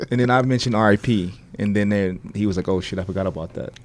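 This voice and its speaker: Low-voiced, sheepish man on a podcast. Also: brisk. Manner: relaxed, sheepish, laughs it off. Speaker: podcast co-host. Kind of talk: casual chat.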